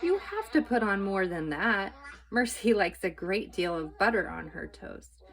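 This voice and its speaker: A woman's voice: mid-range voice, very animated, measured pace, a bit bright. Sweet fussing housewife, soothing, as voiced by a woman reader. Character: kindly, gentle middle-aged housewife.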